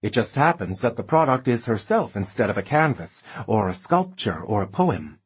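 A man voicing an aging flamboyant male writer, drunk and wistful, with a husky, pitched-up, fluttery delivery. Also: takes it slowly. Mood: pleading. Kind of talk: audiobook character voice.

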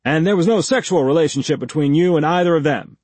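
A male audiobook narrator voicing a pushy police interrogator who badgers with rapid-fire leading questions. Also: on the high side, a little mellow, no echo, voice pushed up, natural voice. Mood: badgering. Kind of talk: audiobook character voice.

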